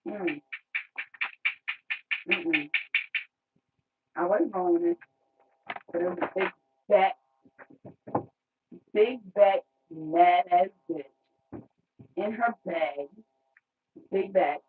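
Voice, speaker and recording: A woman's voice: lowish voice, very slow, pauses often, a little hiss or hum. A woman vlogger in an unscripted rant, blunt and profane, repeating words for emphasis. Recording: tinny phone-like sound.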